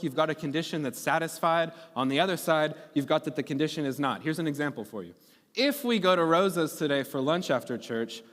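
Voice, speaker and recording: A man's voice: mid-range voice, a bit bright, long reverb tail. A man preaching a sermon in a conversational, teaching way, often checking in with the congregation. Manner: conversational teaching with frequent okay and right checks. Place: church sanctuary.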